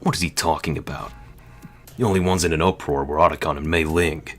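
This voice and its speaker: A man reading a video game's first-person text as a gruff male soldier, in a dry narrating manner. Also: extremely low pitch, steady tone, a little fast, faint music behind.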